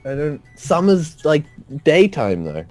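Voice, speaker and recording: A man's voice: on the high side, wildly swooping pitch, slow pace, darkish tone, faint music behind. Wry man co-hosting a game. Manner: dry, wry, joking. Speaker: co-host. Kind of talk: casual game commentary.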